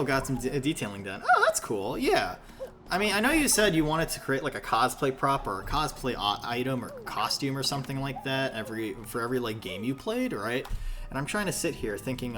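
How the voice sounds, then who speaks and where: A man streaming himself playing a video game, chatting casually with viewers, rambling and swearing with plenty of fillers and restarts. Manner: rambling, profane, lots of fillers and self-corrections; animated, jumpy pitch. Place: home streaming setup. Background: video game music.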